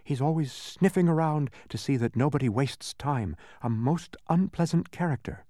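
A man's voice: on the high side, normal speed, warm tone, no room sound, clean studio sound, natural voice. A man voicing a group of drowsy, idle little creatures in a storybook reading, in a raised, sing-song voice. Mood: fearful.

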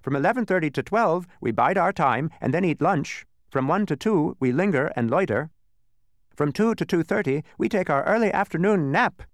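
A man's voice: on the high side, expressive, normal speed, no echo, pitched above the performer's own voice. A man reading aloud as a bunch of dozy, idle little storybook creatures, chirping along in a lifted, sing-song voice. They rattle off their days in a bouncy, up-and-down lilt. It is recorded close and dry. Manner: sing-song, listing chores in a raised voice. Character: drowsy, idle little creatures, chattering together.

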